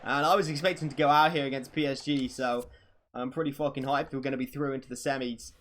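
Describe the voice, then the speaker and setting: This streamer is a man playing a football game, giving play-by-play like a broadcaster and talking with viewers. Excitable and foul-mouthed, he's given to sudden yelling. He speaks quickly at a medium pitch.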